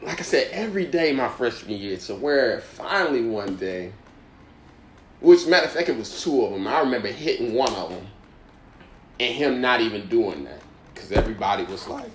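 A man's voice: mid-range voice, moderate pace, echoey room, a little hiss or hum. A young man, a comedian, telling a story in casual chat and acting out the voices in it. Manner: animated storyteller, acts out voices in his stories. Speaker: comedian and podcast host.

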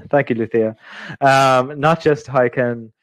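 A man's voice: medium pitch, fairly even intonation, slow, no room sound. A young adult man leading an intercultural communication session, talking thoughtfully with frequent ums and restating his points. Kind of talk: reflective teaching talk to an online group.

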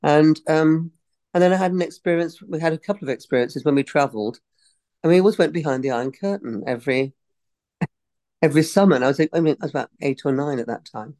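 A woman's voice: low voice, quick pace, warm tone, no room sound. Female, 60s, English actress guest; chatty, tangent-prone, giggly, dry sound. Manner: chatty, digressive, laughs often. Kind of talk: casual interview chat.

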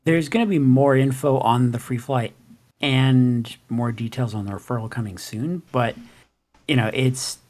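A man on a casual gaming podcast talks in a relaxed, thoughtful way. His voice sits at an ordinary pitch. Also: measured pace. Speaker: podcast co-host.

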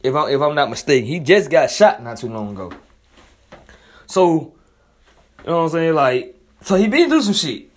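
Southern man, young adult, freestyle vlog rant: profane, rambling, repeats lines, flips from loud outbursts to low mutters; voice sits a bit high. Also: very animated, moderate pace, long pauses. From Alabama, US. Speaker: vlogger commenting on news. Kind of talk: casual freestyle commentary.

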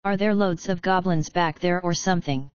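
A woman's voice: on the low side, normal speed, a little mellow, no room sound, muffled recording, close to an everyday voice. A woman voicing a polite, awkward young male wizard who asks hesitant questions.

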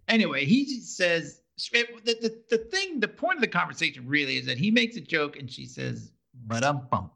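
Gravelly, lively man recapping a show. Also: high-pitched, brisk, few pauses. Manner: rambling, many fillers and restarts. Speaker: podcast co-host. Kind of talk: casual chat recapping a TV episode.

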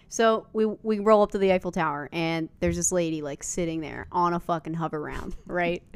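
Profane, animated young woman co-host. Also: lowish voice, clean tone. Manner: animated, profane, laughing often. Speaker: podcast co-host. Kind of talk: casual storytelling chat.

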